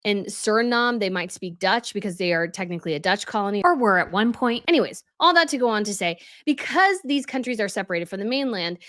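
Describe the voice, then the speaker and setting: A woman's voice: medium pitch, lively intonation, brisk, hardly any pauses, a bit bright, no room sound, clean studio sound. An American woman with a neutral accent, giving rambling, chatty commentary on royal news. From United States. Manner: chatty, rambling, many asides. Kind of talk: casual commentary vlog.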